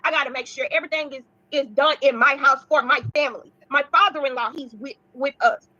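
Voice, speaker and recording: A woman with a high, bright voice talks in a brash, profane, emphatic way. Her audio sounds dry and slightly dull, with little room sound. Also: a little fast, dry recording. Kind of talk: casual chat.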